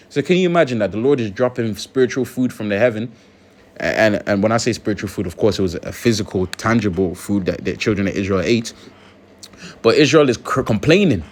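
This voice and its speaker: A man with a somewhat low voice hosts a religious commentary video. He talks loosely and conversationally, leaning on fillers as he reads and explains scripture. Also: expressive, fairly quick. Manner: conversational, many fillers and restarts.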